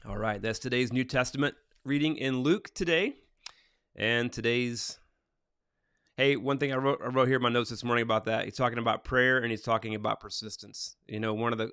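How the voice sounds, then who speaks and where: A man's voice: mid-range voice, a bit bright, clean tone, dry recording, clean studio sound. A middle-aged man hosting a casual morning devotional livestream, reading Bible passages aloud and then chatting loosely about them and about viewers' comments. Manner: reads scripture aloud, then chats loosely and answers comments from the live chat. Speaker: livestream host reading scripture.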